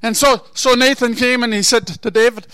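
A man preaching a sermon, telling a Bible story with asides and rhetorical questions, moving from low murmurs to loud exhortation. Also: fairly even intonation, normal speed, clear, resonant tone, no echo. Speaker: pastor.

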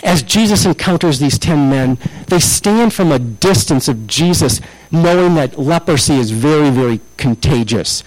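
A male pastor giving a sermon in a storytelling way. His voice sits a bit high for a man and swings widely in pitch. He often restarts phrases and repeats words as he talks. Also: lively intonation, moderate pace, darkish tone, rough recording.

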